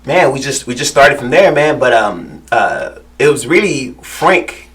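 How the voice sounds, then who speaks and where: A man's voice: a little slow, recorded from a distance. A man telling stories on a podcast in a casual way, acting out what others said. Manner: animated storyteller, acts out quotes in higher voice. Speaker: guest fighter.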